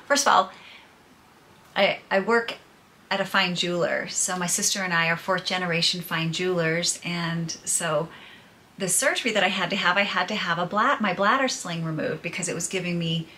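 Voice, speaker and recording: Bright-voiced chatty woman vlogger. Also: on the low side, a little hiss or hum. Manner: chatty, candid, laughs through hard news. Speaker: podcaster and vlogger. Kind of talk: casual personal storytelling to viewers.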